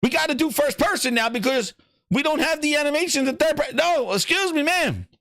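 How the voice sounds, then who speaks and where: High-voiced, animated man mocking on air. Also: a little fast, dry recording. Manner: profane, mocking, rambling riff. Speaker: gaming show host. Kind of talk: casual reaction commentary.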